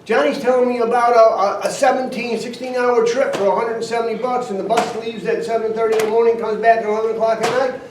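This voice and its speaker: A man's voice: extremely high pitch, steady tone, fast talker, few pauses, noisy background. Older man telling stories in a roomy hall. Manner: folksy, anecdotal, frequent "right?" asides and chuckles. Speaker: company founder giving a speech. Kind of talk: storytelling motivational speech. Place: event room at a company trip. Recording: roomy, distant mic with faint ambience.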